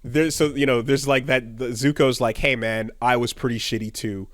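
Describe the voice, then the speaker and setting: A man's voice: medium pitch, steady tone, moderate pace, fairly bright tone, dry recording, clean studio sound. A man co-hosting a casual podcast chat, acting out scenes with sudden shrieks and laughter. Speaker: podcast co-host.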